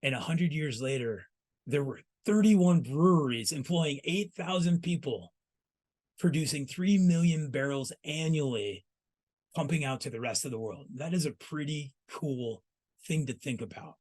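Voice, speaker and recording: A man's voice: a little high, unhurried, darkish tone. Man hosting a trade news feature. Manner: storytelling, addresses listener directly. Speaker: host.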